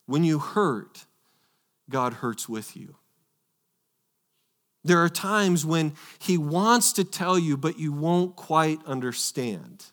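Male pastor, a little higher than most, earnest sermon storyteller who restarts his words. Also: expressive, takes it slowly, pauses often, fairly bright tone. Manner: earnest, storytelling with swings in volume.

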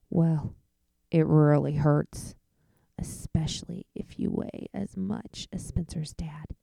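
A woman's voice: on the low side, gravelly, mellow, no room sound, poor audio. A woman reading a children's picture book aloud expressively, whispering each page turn. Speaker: narrator.

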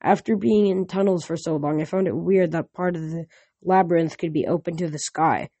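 A reader working through a novel aloud in the first person, often stumbling and restarting sentences. The voice is mellow and warm, recorded close and dry. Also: medium pitch, steady tone, no room sound. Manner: halting reading with frequent slips and restarts.

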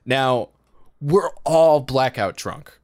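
Slow, lively, swearing young storyteller. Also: medium pitch, dry recording, clean studio sound. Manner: profane, laughing storyteller, says "dude" and "like" a lot. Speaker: podcast storyteller. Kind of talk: casual chat.

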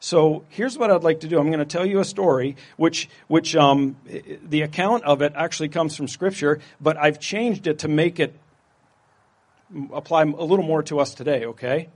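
Fairly high-voiced joking preacher. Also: male voice, normal speed. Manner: casual, jokey and conversational. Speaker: pastor. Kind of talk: sermon.

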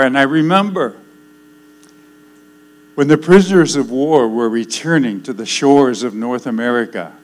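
A man's voice: a little high, poor audio. Older man preaching a dramatic sermon. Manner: dramatic, swinging from loud to hushed.

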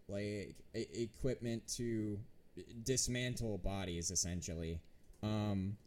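A man's voice: fairly low pitch, darkish tone. A man running a tabletop game as game master, describing rooms in a hesitant way full of fillers and restarts.

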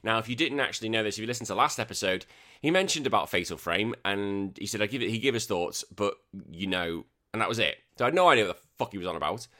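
A man's voice: lowish voice, fast. A man hosting a podcast, chatting casually and ranting with lots of swearing. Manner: animated, swears a lot, exasperated rants. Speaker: podcast host.

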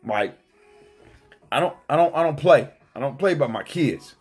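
A man's voice: a little high, animated, normal speed, husky, soft background music. A man in casual chat, telling a family story in a heated, profane way.

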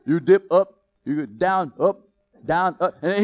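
A man preaching a sermon in a lively, joking way, quizzing the congregation with questions. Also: a little high, measured pace. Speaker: pastor.

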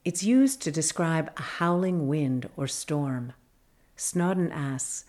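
A woman reading a scripted magazine feature as narrator, measured and even. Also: sits low.

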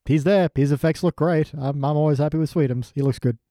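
A man's voice: on the high side, brisk, dark tone, no room sound, clean studio sound. A man co-hosting a casual rewatch chat, wry and joking, acting out lines from the show. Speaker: podcast co-host.

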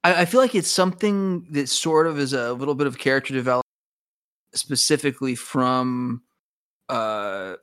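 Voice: mid-range voice, normal speed, a bit bright, smooth, no echo, clean studio sound. A podcast co-host casually discussing a TV episode, restarting sentences often and chuckling along. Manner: stammering, restarts often, chuckles while talking.

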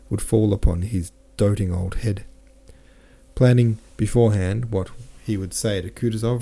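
Deep mellow guy reading a classic novel, steady and unhurried, fixes the odd slip. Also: breathy edge. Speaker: audiobook narrator. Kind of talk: scripted narration.

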